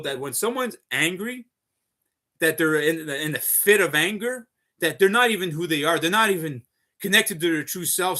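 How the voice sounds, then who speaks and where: Guy ranting on a livestream, high bright voice, swears a lot, rambles and keeps saying folks. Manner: profane, rambling, repeats himself, keeps addressing viewers as folks. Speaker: live streamer. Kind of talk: unscripted ranting monologue.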